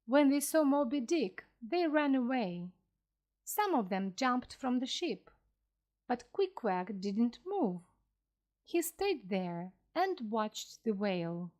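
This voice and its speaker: A woman narrating a story slowly and clearly for language learners, reading with careful pronunciation. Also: a little high, big pitch swings, a little mellow.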